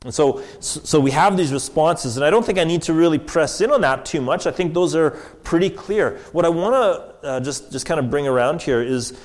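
A man's voice: a little high, brisk, few pauses. A man preaching a sermon in a conversational way, restarting phrases and checking in with "right?". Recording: long echoing reverb.

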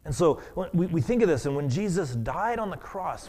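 A man preaching a sermon as pastor, earnest and halting, often restarting his words. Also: a little high, very animated, warm tone.

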